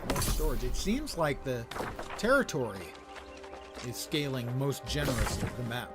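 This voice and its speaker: A man's voice: mid-range voice, very animated, moderate pace. An older man chatting wryly to his viewers while he plays a game. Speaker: game streamer. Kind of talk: casual gameplay commentary. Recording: loud game music behind. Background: game music.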